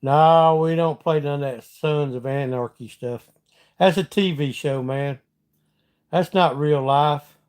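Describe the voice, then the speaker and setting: A middle-aged Southern man from Georgia hosts a casual live stream, his voice on the high side, slow, darkish, clear and resonant. He chats with viewers in a folksy way, reading out their comments and answering them.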